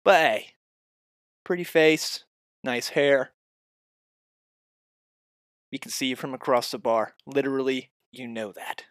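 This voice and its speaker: A man delivering a profane comedic rant straight at the listener, swinging between loud outbursts and muttered asides. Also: medium pitch, slow pace, long pauses, dry recording, clean studio sound. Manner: heavy swearing, addresses the listener directly.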